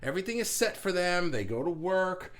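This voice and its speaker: A man hosting a casual spiritual talk, rambling and animated, laughing and sighing often. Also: sits high, fairly quick. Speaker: spiritual channel host.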